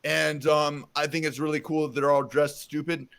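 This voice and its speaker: A man's voice: fairly high pitch, level tone, normal speed, creaky, a bit bright, clear, resonant tone. A man co-hosting a casual podcast chat, rambling and profane, joking at his own expense and drifting into a put-on Southern drawl. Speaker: podcast co-host.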